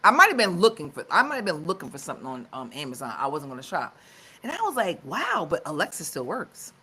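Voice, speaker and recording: A woman's voice: deep voice, wildly swooping pitch, fast, bright, forceful tone, breathy edge. A woman co-hosting a live talk show, chatting casually with lots of fillers and restarts. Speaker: co-host.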